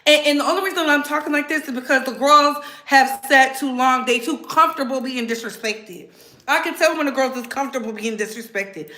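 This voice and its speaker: A woman's voice: high voice, sharp tone, reverberant. A woman hosting a political commentary vlog, blunt, profane and fiery as she rallies her viewers. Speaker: host.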